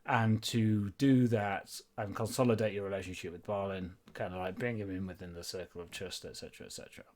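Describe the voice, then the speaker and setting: Rambling male game master, low voice. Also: steady tone, a little fast, darkish tone. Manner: rambling, loose and chatty, many fillers. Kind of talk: narrating a tabletop game.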